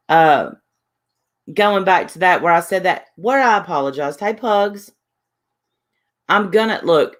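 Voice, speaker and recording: A woman, chatting casually on a livestream, rambling defensively and reading viewers' messages aloud. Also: on the low side. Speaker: livestream host.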